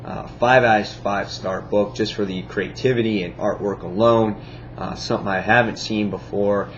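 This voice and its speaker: A man's voice: lowish voice, muffled recording, slight background noise. A man giving a casual comic book review, enthusiastic and rambling, full of fillers and acted-out quotes.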